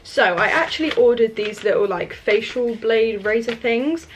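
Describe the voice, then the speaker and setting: A woman's voice: fairly high pitch, lively intonation, normal speed, a little hiss or hum, rough recording. A young woman, chatting casually to camera in a vlog and using plenty of fillers. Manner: chatty, filler-heavy, lots of "literally" and "like". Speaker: vlogger.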